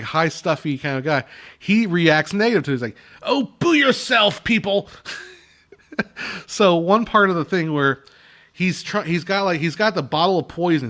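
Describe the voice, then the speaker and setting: A man's voice: fairly high pitch, a bit bright. A man answering viewer questions in a casual, opinionated chat, rambling with lots of restarts and asides.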